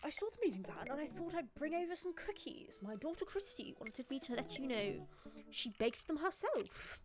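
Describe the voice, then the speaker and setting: A woman's voice: high-pitched, very animated, moderate pace, voice pushed up. A woman voicing a friendly, polite male youth-pastor neighbour in a dating game. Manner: polite, chummy, eager to please. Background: background music.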